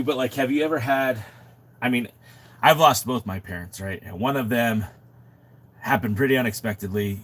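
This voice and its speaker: A man's voice: medium pitch, moderate pace, long pauses. A middle-aged man from Southern California, sick with a sore throat, chatting casually on a live stream from a makeshift home studio, often restarting his sentences and drifting into reflective asides. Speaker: wrestling podcast co-host. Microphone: webcam mic in a makeshift home studio.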